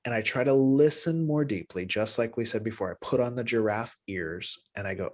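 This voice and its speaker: A man of middle pitch gives a spoken lesson on empathy. His talk is loose and full of restarts and "right?" tags. He leaps up in pitch whenever he acts out short exchanges between people. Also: fairly quick, hardly any pauses. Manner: animated, acts out little dialogues with pitch jumps. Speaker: teacher of an empathy class. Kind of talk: spoken class lecture.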